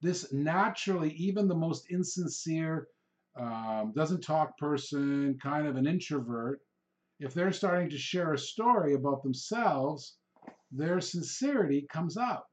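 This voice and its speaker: In an animated, somewhat high voice at a measured pace, this middle-aged man teaches sales techniques in a conversational instructional talk. A real estate trainer and podcast host, he acts out quick customer exchanges.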